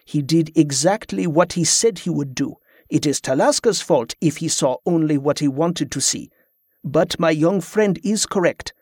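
A man voicing a formal, scholarly male pirate captain who speaks in a firm, measured way. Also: on the high side, a little mellow, slightly rough, dry recording, studio quality.

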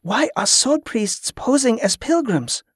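A man voicing a brisk young woman healer in an audiobook, chiding and caring. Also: very high-pitched, sing-song, fairly bright tone, breathy edge, dry recording, studio quality, pitched above the performer's own voice, exaggerated voice.

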